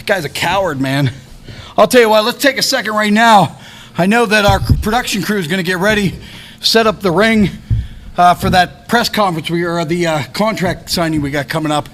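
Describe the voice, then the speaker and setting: Excitable high-voiced male wrestling commentator. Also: fairly quick, slight background noise. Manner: excitable, calls the action. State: out of breath. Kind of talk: live play-by-play commentary.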